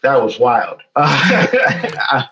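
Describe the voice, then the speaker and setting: A man in his thirties from Chicago's South Side, a photo editor, is a guest in a casual interview, telling a long story fast and animatedly while quoting people. His voice is mid-range. The recording is low-quality, with slight background noise.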